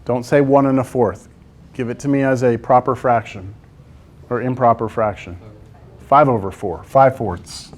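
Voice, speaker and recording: A math teacher, male, teaches his class at a moderate pace in a medium-pitched voice with fairly even intonation. As he goes through problems he quizzes the students in a coaxing way, tossing in frequent "right?"s.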